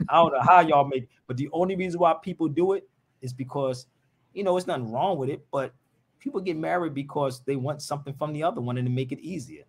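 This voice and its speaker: A man's voice: a little high, a little fast, breathy edge. A man hosting a live show in a casual stream, talking in an impassioned, blunt and rambling way, heavy on slang.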